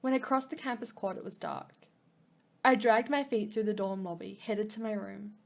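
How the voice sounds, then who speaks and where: A woman's voice: mid-range voice, steady tone, moderate pace, gravelly. A woman reading a visual novel game aloud, reacting emotionally with gasps and near tears. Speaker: gaming YouTuber.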